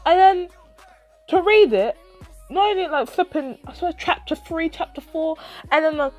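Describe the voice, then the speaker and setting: A woman's voice: extremely high pitch, animated, moderate pace, soft background music. A young woman telling a story to her vlog audience, dramatic and swearing, acting out her own reactions. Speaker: YouTube vlogger. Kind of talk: animated storytime retelling.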